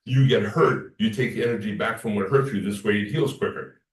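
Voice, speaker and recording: A man lectures a class in a low voice, rambling from story to story. He is picked up from across an echoey room. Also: fairly quick, far from the mic. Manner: rambling storyteller, acts out quoted talk.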